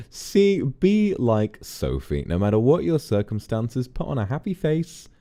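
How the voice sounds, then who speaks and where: A man's voice: mid-range voice, sing-song, unhurried, mellow. A man hosting a stream, chatting and musing over a film as he watches it. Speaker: streamer host. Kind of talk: casual film watch-along commentary.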